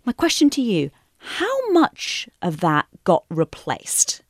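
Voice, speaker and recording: Lively woman running a quiz on a podcast, teasing, dry studio sound. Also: medium pitch, slow pace, dry recording. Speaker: quiz host. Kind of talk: casual podcast quiz chat.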